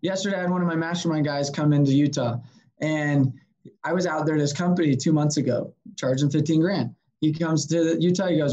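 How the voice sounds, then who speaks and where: This man's voice sits on the high side and moves fairly quickly over lo-fi sound. He's a sales consultant appearing as a podcast guest, casually telling animated stories, mimicking the people he quotes and dropping the occasional swear word.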